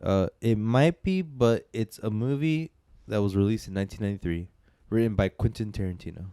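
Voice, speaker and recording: A man co-hosts a casual movie podcast, joking and rambling, his energy rising and falling. His voice sits a little low and is smooth and clear. The sound is dry, with no room echo. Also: a little fast, warm tone. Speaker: podcast co-host. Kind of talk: casual chat.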